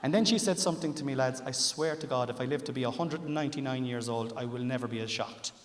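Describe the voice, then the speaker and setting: Irish stand-up comedian in an echoey theatre. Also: male voice, medium pitch, fast talker, recorded from a distance. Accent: Irish, Cork. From Ireland. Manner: chatty storytelling with acted-out dialogue. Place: large theatre stage with live audience. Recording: echoey theatre with long reverb. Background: audience laughter.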